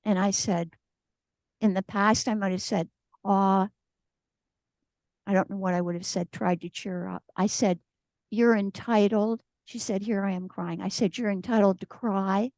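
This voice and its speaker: Speaking a little slowly at a medium pitch, a woman gives a conversational sermon as a guest speaker at church, telling stories and voicing the people she quotes. Her intonation is fairly even, her tone darkish, and the recording is dry.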